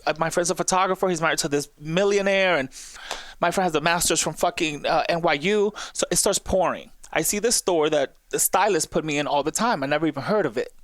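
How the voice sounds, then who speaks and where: A young adult man, a podcast guest, telling a story in an expressive, animated way, acting out the other people's lines and swearing freely. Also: a little high, fairly quick, no room sound. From United States. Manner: expressive, acts out quotes with swearing. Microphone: podcast studio mic.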